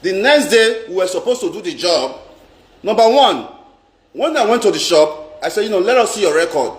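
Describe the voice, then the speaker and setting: Nigerian man, middle-aged, high voice, dramatic storyteller, echoey room. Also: very animated, moderate pace. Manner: dramatic, repeats lines for emphasis, mixes in Pidgin. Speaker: vlogger telling a personal story. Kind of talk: animated storytelling monologue. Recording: roomy echo.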